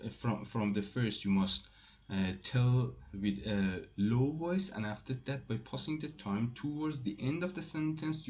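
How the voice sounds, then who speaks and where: A man giving a relaxed online language lesson at an unhurried pace, pausing often and restarting his sentences. His voice sits at an ordinary middle pitch. The sound is a little dull and lo-fi. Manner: slow and halting, many fillers and restarts. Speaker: French teacher.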